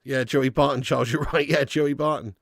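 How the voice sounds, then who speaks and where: A man's voice: mid-range voice, steady tone, a little fast, creaky, no room sound, clean studio sound. A man hosting a live football watch-along, chatting casually, reading out viewer messages and laughing often. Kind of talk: casual live match commentary.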